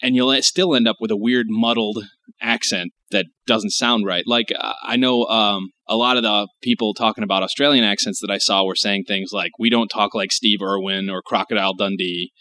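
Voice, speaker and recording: A man's voice: on the low side, fairly even intonation, moderate pace, bright, forceful tone. An American man rambling in casual chat, curious and full of fillers. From United States.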